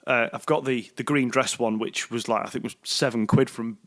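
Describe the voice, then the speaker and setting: A man's voice: medium pitch, fairly even intonation, moderate pace, fairly bright tone. Mancunian man musing in casual chat. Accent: Manchester. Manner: musing, repeats words as he thinks. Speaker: podcast co-host.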